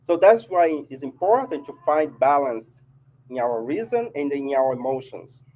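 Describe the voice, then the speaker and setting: A man's voice: a little high, very animated, moderate pace, mellow, rough recording. Chatty Brazilian man giving a spiritual talk. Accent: Brazilian Portuguese. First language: Portuguese. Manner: chatty, keeps asking "right?". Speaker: spiritist speaker. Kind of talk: casual spiritual talk to an audience. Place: meeting hall of a spiritist society.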